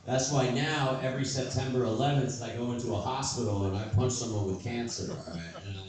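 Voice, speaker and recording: A man's voice: mid-range voice, steady tone, brisk, background noise. A man doing a loose, rambling stand-up set at an open mic, with crude, self-mocking jokes. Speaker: stand-up comedian. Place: comedy stage. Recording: echoey room from far off.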